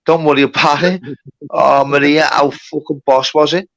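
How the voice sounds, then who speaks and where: A man's voice: on the high side, fairly even intonation, normal speed, vocal fry, a bit bright. A man telling a long story on a livestream, with lots of swearing and reported speech. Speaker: livestream host. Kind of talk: casual storytelling.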